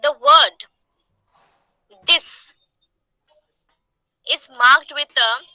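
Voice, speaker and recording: Slow, high-voiced woman teacher. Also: pushed and bright, no room sound, poor audio. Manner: slow, repetitive, checks on students. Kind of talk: online class lecture.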